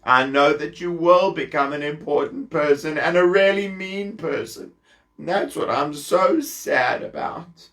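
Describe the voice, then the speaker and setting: A man's voice: a little high, unhurried, fairly bright tone. A man voicing a sorrowful old male prophet who earnestly explains his sadness, in a children's storybook telling. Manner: sad, earnest.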